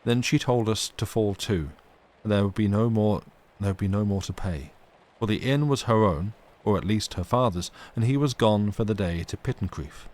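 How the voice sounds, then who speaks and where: A man reading a classic novel aloud on a livestream, steady and measured. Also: lowish voice. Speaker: reader.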